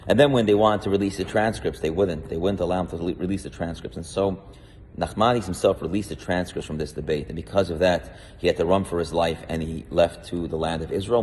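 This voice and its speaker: Deep-voiced rabbi telling a story. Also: male voice, darkish tone, in a large hall, a little hiss or hum. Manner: storytelling with frequent restarts and fillers. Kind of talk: weekly Torah portion talk.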